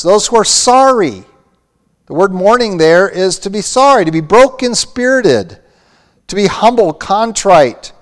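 A man's voice: high voice, big-room sound. A man preaching a sermon with earnest emphasis, often quoting scripture. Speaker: pastor.

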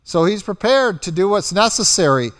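A man preaching a sermon, telling the story with animated delivery and acting out quotes as he goes. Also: high-pitched, moderate pace, long reverb tail.

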